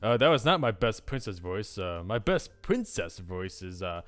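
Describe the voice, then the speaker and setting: A man's voice: fairly low pitch, big pitch swings, moderate pace, few pauses, fairly bright tone, soft background music. A young man hosting a let's play of a visual novel, with goofy, rambling asides. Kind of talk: casual commentary on a visual novel.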